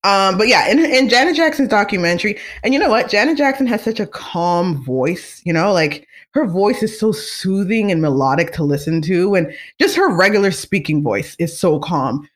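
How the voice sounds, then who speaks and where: A vlogger chatting casually and excitedly to the audience, rambling with lots of fillers and sudden gushing. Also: medium pitch, moderate pace, hardly any pauses. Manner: excitable, rambling, animated fan. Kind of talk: casual fan chat to camera.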